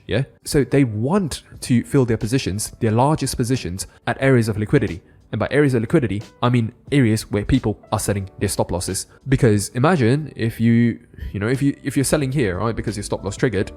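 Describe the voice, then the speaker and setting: A man giving a casual crypto chart analysis, often checking in with the listener with quick tag questions. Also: medium pitch, a little mellow. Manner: casual, keeps adding "right?" tag questions. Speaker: crypto trading YouTuber.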